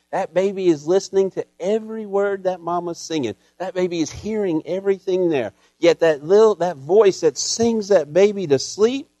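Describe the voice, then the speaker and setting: A man's voice: a little high, a little mellow, dry recording. A middle-aged man preaching a sermon in a folksy, storytelling way with touches of humor. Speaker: pastor. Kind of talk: Mother's Day sermon.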